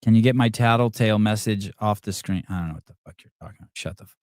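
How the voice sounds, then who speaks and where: A man's voice: fairly low pitch, fast, darkish tone, clear, resonant tone, no room sound, studio quality. A man hosting a livestream podcast, swearing heavily and mocking a caller in a combative rant. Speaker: podcast host. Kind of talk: heated livestream chat.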